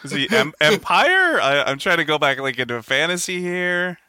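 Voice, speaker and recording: A man's voice: a little high, big pitch swings, normal speed, bright, forceful tone, smooth, dry recording, studio quality. A man co-hosting a gaming podcast, laughing often and trailing off into hesitant answers. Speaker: podcast co-host. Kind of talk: casual chat.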